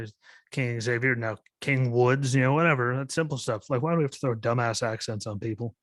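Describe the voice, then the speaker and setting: A man hosts his own podcast and rants into a close, dry mic. He sounds skeptical and exasperated, sprinkling "like" and "literally" through his talk, and his voice sits at an ordinary middle pitch for a man. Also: fairly bright tone, no room sound. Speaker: podcast host. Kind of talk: solo wrestling commentary podcast.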